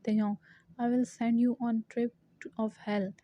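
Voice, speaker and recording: A woman voicing a ruthless young male mafia leader in a storybook reading, in a flat, even way. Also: a little high, a little slow, close to an everyday voice. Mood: cold. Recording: dull lo-fi recording.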